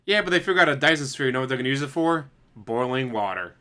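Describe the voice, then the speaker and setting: A man's voice: mid-range voice, expressive, fast talker, bright, forceful tone. Man musing casually on a stream. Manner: speculative, musing, chuckling asides. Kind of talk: casual rambling chat.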